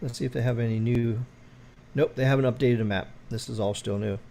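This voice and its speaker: A man's voice: medium pitch, steady tone, a little fast, vocal fry, warm tone. A man hosting a livestream, chatting loosely, answering viewer comments and explaining wireless technology in a rambling way. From United States. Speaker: tech livestream host. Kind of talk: casual livestream chat.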